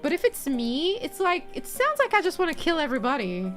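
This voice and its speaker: Bright-voiced high woman streamer. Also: sing-song, a little fast, hardly any pauses, faint music behind. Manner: playful, laughs often, swears. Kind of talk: casual chat with viewers.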